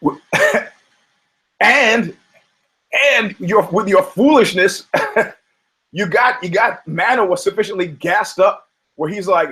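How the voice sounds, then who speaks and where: Laughing, rambling man, slightly high voice. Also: animated, extremely slow, long pauses, bright, forceful tone, poor audio. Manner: rambling, profane, laughs often between phrases. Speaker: podcast host. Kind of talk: casual podcast banter about fighting.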